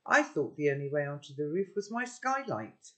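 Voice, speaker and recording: A man's voice: very animated, moderate pace, bright, forceful tone. A man reading aloud and voicing a young girl who is startled but stands up for herself in short, pointed questions. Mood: indignant. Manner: high, questioning, defiant.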